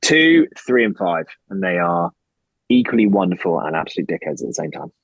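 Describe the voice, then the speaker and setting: A man's voice: deep voice, sing-song, brisk, no room sound, poor audio. A man in his thirties talking casually and energetically as a podcast guest, rambling and swearing now and then. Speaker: podcast guest, investor and founder. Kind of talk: casual conversation.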